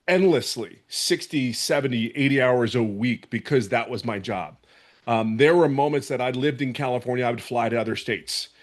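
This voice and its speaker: A man in his fifties speaks from home over a video call, giving a heartfelt, motivational testimony. His voice sits at an ordinary middle pitch, and he talks with fervent sincerity, often breaking off and restarting his sentences. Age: 50s. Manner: fervent and earnest, with many restarts. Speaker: webinar guest giving a testimonial.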